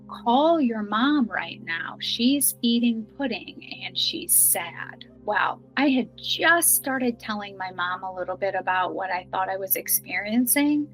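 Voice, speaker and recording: A middle-aged woman telling a personal story earnestly, some lines hushed and some bright. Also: mid-range voice, rough recording. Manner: earnest, emotional, shifts between hushed and bright. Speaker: guest telling her experience.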